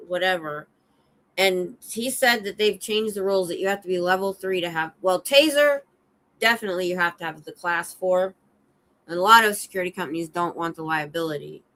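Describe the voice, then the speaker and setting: A middle-aged woman, a security guard hosting a casual livestream chat, telling animated stories from her work. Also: on the low side, brisk, rough recording. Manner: animated storyteller, acts out her own shouts.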